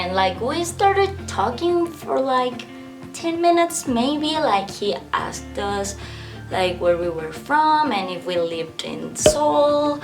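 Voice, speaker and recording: A woman's voice: sits high, big pitch swings, slow pace, faint music behind. A young woman in her twenties, a vlogger telling a story in casual chat, filling her talk with "like" and frequent laughs. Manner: chatty, fills speech with "like" and laughs.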